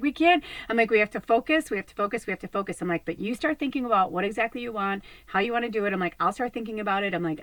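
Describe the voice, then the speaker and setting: Woman medium host; rambling, candid, profane chat with laughs; lowish voice, dry close sound. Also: no room sound, poor audio. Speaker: spiritual medium, channel host. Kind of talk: casual talk to viewers.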